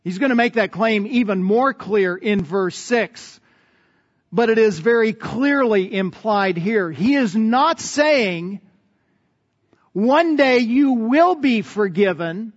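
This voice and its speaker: A male pastor delivers an earnest sermon, pressing his points through repetition. His voice sits high and moves at a slow, deliberate pace. The recording is dull and lo-fi, and a long reverb hangs after each phrase. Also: expressive.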